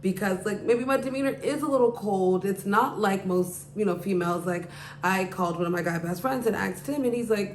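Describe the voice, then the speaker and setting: In an echoey room with a touch of hiss or hum, a podcast host with a mid-range voice talks a little fast. She tells her story casually and rambles, full of "like" and "you know."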